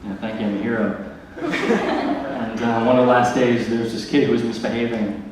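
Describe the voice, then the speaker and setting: A young man telling awkward, deadpan jokes as a stand-up comic, leaning on filler words. He is heard from a distance in a large hall with a long, roomy echo. The recording carries heavy background noise. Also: medium pitch, normal speed. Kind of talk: stand-up comedy set. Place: large hall with live audience. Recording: echoey hall, distant mic, loud noise.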